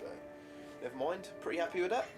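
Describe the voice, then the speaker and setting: Man, gameplay commentary, game music loud behind, slightly high voice. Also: expressive, fast talker, low-quality recording. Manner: casual, swears at setbacks. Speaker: gamer commentating his own play.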